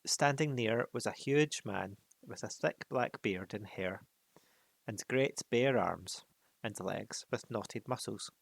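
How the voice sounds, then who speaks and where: A man reading a novel aloud in an unhurried way, pausing for casual asides. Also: lowish voice, creaky, no echo. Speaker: reader.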